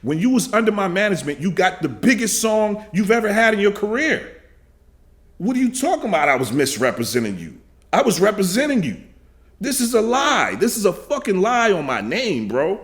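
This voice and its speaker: A man in his thirties rants hotly into the camera, his voice climbing and dropping all over the place as he vents. He swears freely, circles back to the same points, and breaks into shouts, all pitched a touch high for a man. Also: big pitch swings, a little fast. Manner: heated, profane, repeats himself, shouts in bursts. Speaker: reaction video host. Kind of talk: angry ranting reaction.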